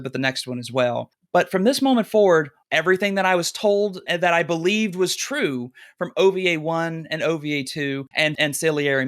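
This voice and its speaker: Man co-hosting a casual fan podcast; lively, storytelling delivery, slipping into quoted voices, voice a touch high. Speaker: podcast co-host.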